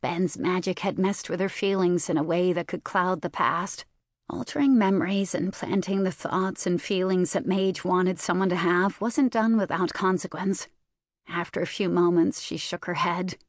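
A woman reads a first-person novel aloud in a low-pitched, measured voice. Her storytelling is steady and controlled. The recording is dry and close, with no room sound. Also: dry recording. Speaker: audiobook narrator. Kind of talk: first-person fiction narration.

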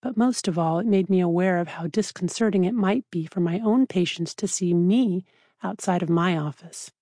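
A woman, a psychiatrist, reading her own memoir aloud in a measured, reflective way. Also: fairly low pitch, mellow, no room sound, clean studio sound. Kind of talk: audiobook narration.

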